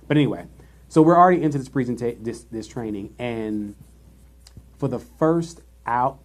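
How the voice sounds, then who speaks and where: A man's voice: mid-range voice, expressive, normal speed. A man co-hosting a casual live-streamed chat show, telling a workplace story with sassy asides. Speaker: podcast co-host.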